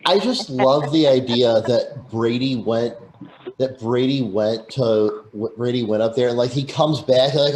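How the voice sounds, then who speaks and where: A man's voice: medium pitch, unhurried, a little mellow, a little hiss or hum, rough recording. A man talking on a radio panel, eager and stumbling over restarts as he chats casually. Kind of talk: casual call-in panel chat.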